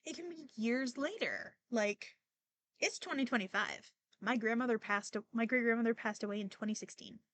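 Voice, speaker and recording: A woman's voice: on the high side, moderate pace, a bit bright, dry recording. A young woman hosting a podcast, talking casually and emotionally with many fillers and restarts, near tears at times. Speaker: podcast host. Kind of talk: casual personal monologue.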